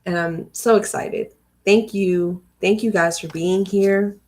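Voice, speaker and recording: A woman's voice: medium pitch, fairly even intonation, slow, a little mellow. A woman hosting a livestream where she reads a book aloud and breaks off for chatty personal asides. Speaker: host reading books aloud on a livestream. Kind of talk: reading aloud with casual commentary.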